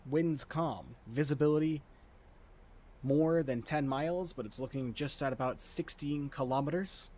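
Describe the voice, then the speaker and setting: A man's voice: fairly high pitch, measured pace. A man streaming a flight simulator, chatting casually and joking as he commentates live on the game. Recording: steady background noise.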